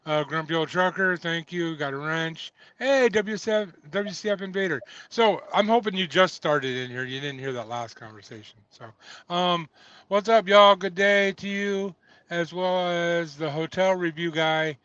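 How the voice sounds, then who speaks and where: A man's voice: high-pitched, normal speed, fairly bright tone, clean tone, no room sound. A man hosting a casual livestream, chatty, reading viewer comments and laughing often. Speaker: host of a trucking livestream. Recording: dull lo-fi dry audio.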